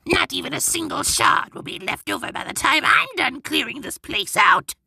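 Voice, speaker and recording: A man voicing a greedy little cave creature that gloats over stolen jewels, in a high croaking voice. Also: animated, normal speed, bright, forceful tone, no echo, full character voice. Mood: gloating. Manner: gloating and taunting.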